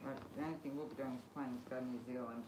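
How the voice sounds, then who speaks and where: A woman's voice: a bass voice, fairly even intonation, very fast, warm tone. A woman co-hosting a casual chat stream, making dry, wry asides. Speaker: livestream co-host. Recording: echoey room with clear background noise.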